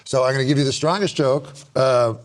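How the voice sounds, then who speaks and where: A man's voice: mid-range voice, brisk. A man hosting a talk show, bantering with guests and laughing as he hands them jokes to read. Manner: giggly, reads jokes to guests.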